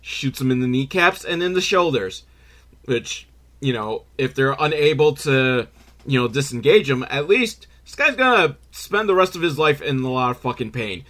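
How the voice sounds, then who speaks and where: A man recapping a movie in a casual comedic way, sarcastic and profane, breaking into quick character voices. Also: mid-range voice, sing-song, fairly bright tone.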